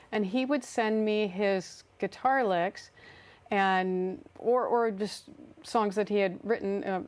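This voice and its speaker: A middle-aged woman, an artist and songwriter, chatting as an interview guest, telling stories with frequent laughs, fillers and restarts. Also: mid-range voice. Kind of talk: casual interview storytelling.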